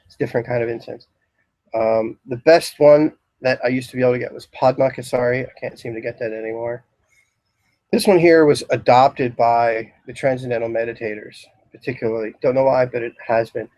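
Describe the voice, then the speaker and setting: A man giving a casual, rambling talk on incense in a shop, describing scents with many pauses. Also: medium pitch, steady tone, darkish tone, no echo, dull audio. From Philadelphia area, US. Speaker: incense store lecturer. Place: shop, indoors.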